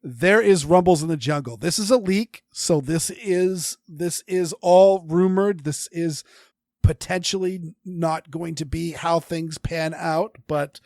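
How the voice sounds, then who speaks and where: Man co-host, casual chat, voice sits a bit high, lots of restarts and filler words, dry close recording. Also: takes it slowly, a little mellow, no echo. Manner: rambling, many restarts and fillers. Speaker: podcast co-host.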